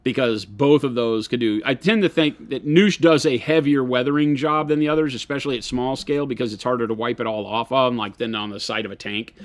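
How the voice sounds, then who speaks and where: A man's voice: mid-range voice, brisk, few pauses. A man co-hosting a live miniature-painting stream, rambling and joking in casual chat.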